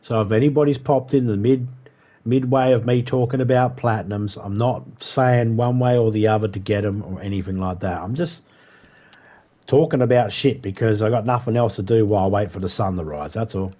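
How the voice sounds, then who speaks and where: Man, game streamer, casual rambling commentary, profane, dark mellow tone. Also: on the low side, fairly quick. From United States. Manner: rambling, profane, chatty monologue.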